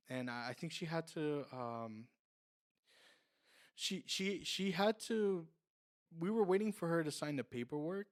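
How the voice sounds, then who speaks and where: A young man, a car salesman on a podcast, telling a long story casually, with lots of fillers and restarts. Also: medium pitch. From Mexican heritage.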